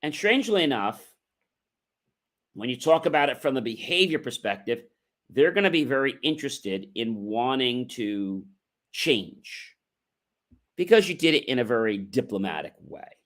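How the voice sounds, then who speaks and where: Hosting a motivational livestream, this middle-aged man takes an emphatic coaching approach, firing off rhetorical questions and playing out sample dialogues for viewers. His medium-pitched voice is very animated and a bit bright, at a moderate pace.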